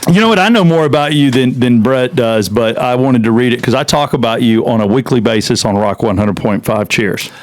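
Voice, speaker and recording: A man's voice: mid-range voice, a little fast, few pauses. A man hosting a podcast, joking and playful as he introduces a guest in casual chat. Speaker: podcast host.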